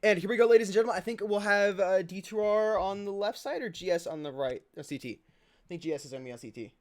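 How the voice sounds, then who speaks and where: A man casting a mobile shooter tournament on a live stream, calling the action in quick, excited play-by-play. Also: high voice. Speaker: esports caster. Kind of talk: live game commentary.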